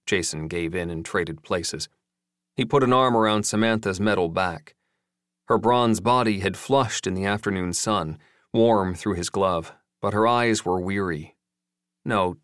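Low-voiced man narrating an audiobook. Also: fairly bright tone, dry recording, clean studio sound.

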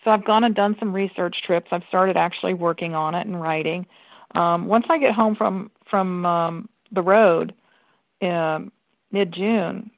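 A woman's voice: on the low side, no room sound. A woman author chatting casually as an interview guest, with plenty of ums. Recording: tinny phone-line sound.

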